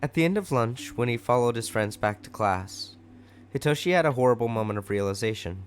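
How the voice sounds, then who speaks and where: A man's voice: mid-range voice, animated, brisk, slight background noise. A man narrating a fanfic story aloud in a casual way with wry asides.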